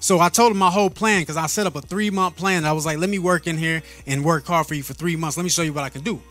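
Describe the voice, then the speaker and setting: A man with a slightly higher voice tells a personal faith story in a relaxed, earnest way. He often repeats and restarts his words and laughs between phrases. Soft music plays faintly behind him. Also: quick pace. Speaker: vlogger sharing a faith testimony. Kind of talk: casual spoken storytelling.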